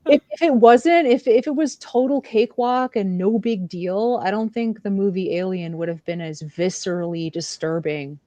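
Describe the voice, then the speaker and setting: A woman co-hosting a podcast, chatting casually and telling candid, animated stories. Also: mid-range voice, moderate pace, few pauses, no room sound, dull audio. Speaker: podcast co-host. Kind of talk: casual chat.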